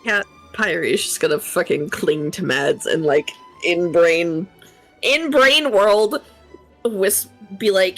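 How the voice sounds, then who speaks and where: A woman's voice: fairly low pitch, expressive, slow pace, soft background music, poor audio. A woman playing in a tabletop game, talking bluntly and offhandedly and swearing casually. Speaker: player.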